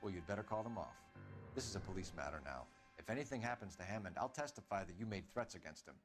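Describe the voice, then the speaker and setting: An actor playing an earnest young 1940s police detective in a game, speaking in a clipped, formal, by-the-book way, with game music underneath. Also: male voice, sits low, animated, fast talker. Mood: stern.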